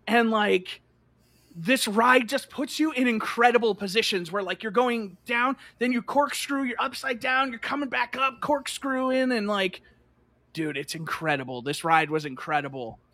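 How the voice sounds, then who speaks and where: A man with a high, bright voice telling a story in casual chat, animated and peppered with "like". He often slips into acted-out voices, and the sound is close and dry. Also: normal speed, no room sound. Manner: animated, fillers of "like", acts out voices.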